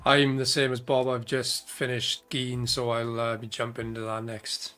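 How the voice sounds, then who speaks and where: A man's voice: mid-range voice, monotone, moderate pace, pushed and bright, smooth, soft background music. A man on a panel show giving wry comments, laughing and letting sentences trail off. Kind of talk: casual panel chat.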